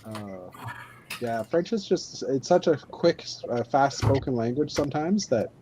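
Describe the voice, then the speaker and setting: A man's voice: medium pitch, lively intonation, unhurried, noisy background. A man hosting a casual live video chat, rambling and hesitant with many ums. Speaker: host.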